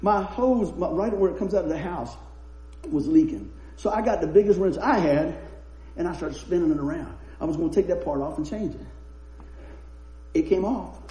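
A man with a high voice preaches in a roomy, echoing space. He mixes scripture with chatty, laughing anecdotes. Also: lively intonation, moderate pace, dark tone. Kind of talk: sermon with humorous storytelling. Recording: roomy echo.

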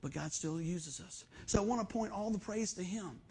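A middle-aged man delivers a sermon, drifting between homespun stories and encouragement. His voice sits high for a man, with a gravelly, husky texture. He talks in a conversational, animated way that holds the room. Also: moderate pace. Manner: folksy storytelling, animated and conversational. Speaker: pastor.

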